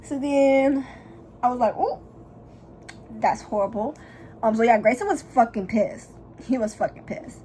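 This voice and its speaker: Profane gossipy young woman, slightly high voice. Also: normal speed, a little hiss or hum, low-quality recording. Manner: profane, gossipy, dramatic storytelling; bursts into loud high laughter. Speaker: vlogger. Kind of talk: casual chat while doing makeup.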